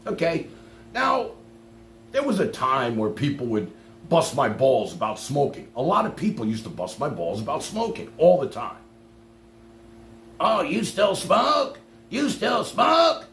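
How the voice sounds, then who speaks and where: A man ranting on his live stream, profane and passionate, swinging from loud outbursts to low mutters. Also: huge pitch swings, moderate pace, echoey room, a little hiss or hum.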